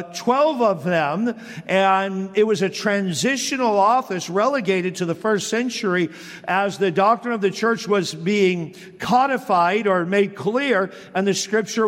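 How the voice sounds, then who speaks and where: A man preaching an expository sermon as a pastor, blunt and emphatic, slowing down to stress key words. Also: high-pitched, a bit bright, in a large hall. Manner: blunt, plain-spoken.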